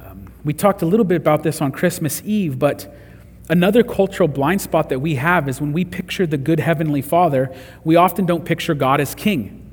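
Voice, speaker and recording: A man's voice: a little high, fairly quick, breathy edge. A man preaching a sermon, earnest and conversational, rising to emphatic peaks. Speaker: pastor. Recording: long hall reverb.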